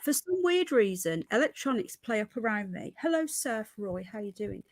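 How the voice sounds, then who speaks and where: A woman's voice: on the high side, sing-song, normal speed, no room sound. Chatty British woman hosting a livestream. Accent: British English. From Britain. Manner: chatty, rambling, greets viewers mid-sentence. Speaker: livestream host. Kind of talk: casual livestream chat reading news.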